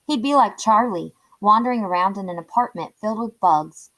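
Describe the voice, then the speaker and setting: A woman reading a children's chapter book aloud in a clear, steady storytelling voice. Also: mid-range voice, moderate pace, rough recording.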